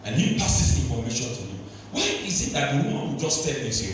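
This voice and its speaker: A man from Leone, preaching a sermon and firing off rhetorical questions that climb into shouts. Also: medium pitch, very animated, fairly quick, hardly any pauses, a little hiss or hum. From Sierra Leone. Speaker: pastor. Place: large church hall. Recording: echoey church hall, distant mic.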